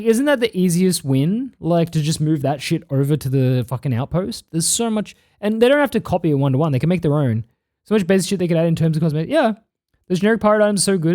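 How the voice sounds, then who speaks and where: A man's voice: on the high side, a little mellow. A man with an Australian accent, streaming and chatting casually with his viewers as he reads their messages aloud, blunt and swearing freely. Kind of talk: casual chat reading live chat.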